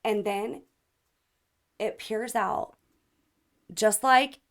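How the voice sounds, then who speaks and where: A woman's voice: a little high, drawn-out words. A woman ufologist telling a dramatic story in an interview, acting out what people said. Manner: excited, acts out quoted speech, voice climbs when alarmed. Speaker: ufologist guest.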